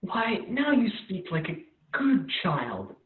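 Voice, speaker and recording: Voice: mid-range voice, wildly swooping pitch, takes it slowly. Someone doing a scheming king, voice swings all over, tinny echoey phone sound. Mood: placating. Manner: commanding, declamatory verse delivery. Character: Claudius, a scheming anxious king. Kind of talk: amateur remote play reading.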